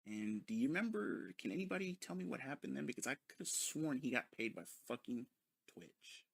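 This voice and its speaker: A man's voice: medium pitch, lively intonation, fairly quick, creaky, husky, dry recording. A man ranting in a sarcastic, mocking commentary full of profanity. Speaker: commentary video host.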